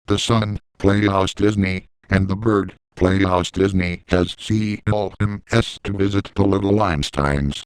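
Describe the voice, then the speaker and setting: Male reader of a creepypasta, slow and steady, smooth clear voice, dry close sound. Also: sits low, no echo, poor audio. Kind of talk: reading a fan-written creepypasta story.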